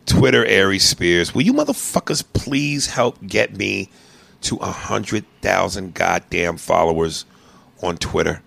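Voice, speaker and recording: A man with a gravelly, bright voice co-hosts a comedy podcast. His pitch swings widely as he barks profane, bossy banter in a loud, animated way. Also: measured pace. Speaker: podcast co-host.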